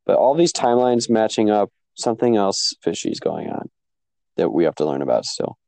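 Very low, gravelly male voice, dark tone, dry sound, laid-back and speculative. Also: moderate pace, no room sound, poor audio. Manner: relaxed, speculative, profane. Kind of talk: casual chat.

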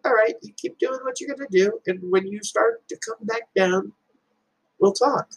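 A man voicing a calm, patient wise teacher who speaks gently and softly. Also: high-pitched, normal speed, creaky, breathy edge, pitched above the performer's own voice, exaggerated voice, poor audio.

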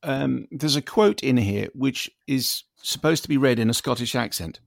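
Male podcast co-host, gravelly mid voice, dry teasing delivery, dead-dry home room. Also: mid-range voice, dry recording. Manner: dry, teasing, reads aloud deliberately. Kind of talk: casual chat and reading listener emails.

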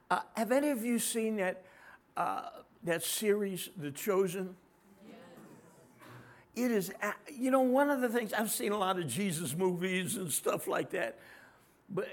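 High-pitched raspy middle-aged male preacher. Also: a bit bright. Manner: conversational preaching, questions to the congregation. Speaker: pastor. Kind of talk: sermon.

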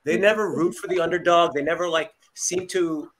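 Guy with a highish voice on a podcast, stop-start casual chat. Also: steady tone, fairly quick, a bit bright, slight background noise. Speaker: podcast co-host.

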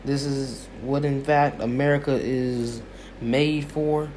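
A man's voice: mid-range voice, level tone, slow, darkish tone, slight background noise. A man giving impassioned spoken commentary, repeating his points in a preacher-like cadence. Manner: repetitive, emphatic, preacher-like cadence.

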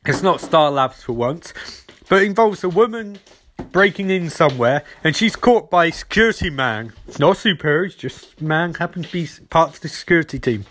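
A man's voice: fairly high pitch, expressive, fairly quick, fairly bright tone. A man casually recapping a TV episode as a podcast host, rambling and acting out quoted lines.

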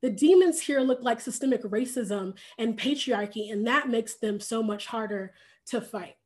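A woman's voice: fairly high pitch, normal speed, pitched below the performer's own voice, close to an everyday voice. A woman paraphrasing a young church member who speaks earnestly and plainly.

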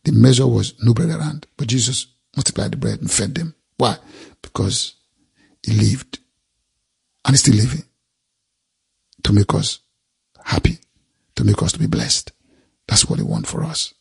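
Gravelly, husky-voiced male preacher. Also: medium pitch, very animated, moderate pace, pauses often. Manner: emphatic, repeats phrases for effect; reads scripture aloud and expounds it. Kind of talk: sermon.

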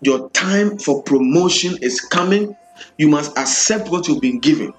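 A man's voice: on the high side, animated, a little slow, faint music behind. A man preaching a sermon, building repeated refrains with rhythmic emphasis.

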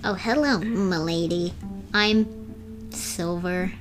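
A woman voicing a calm male hedgehog hero with a slow, earnest delivery in a read-aloud role-play. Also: on the low side, soft background music.

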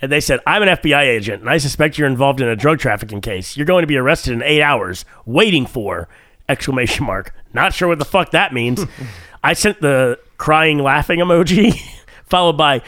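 A man's voice: mid-range voice, animated, fairly quick, a bit bright, no room sound. A man co-hosting a podcast, telling a story in casual banter and laughing often as he reads out text messages. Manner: laughs often while reading out texts. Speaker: podcast co-host.

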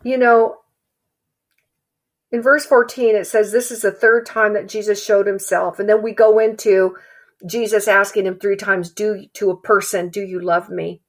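A woman preaching a sermon in an earnest, halting way, repeating phrases for emphasis. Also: medium pitch, little pitch movement.

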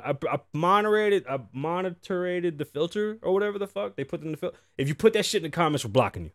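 In studio-quality sound with no echo, a Puerto Rican man in his thirties rattles on as host of a casual podcast, loose and profane, with Spanish asides. His high voice is animated, and he talks fast with few pauses.

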